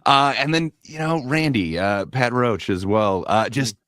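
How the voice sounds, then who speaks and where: A man's voice: mid-range voice, lively intonation, a little slow, a bit bright, no echo, studio quality. A man hosting a casual panel debate. He talks with enthusiasm, swears casually, and fills his speech with fillers and stammered restarts. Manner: hesitant, many fillers and restarts.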